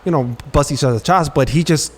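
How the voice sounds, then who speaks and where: A man's voice: fairly high pitch, fairly quick. A man co-hosting a casual podcast, telling stories and acting out quotes in street slang. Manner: animated storyteller, acts out quotes with street slang. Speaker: podcast co-host.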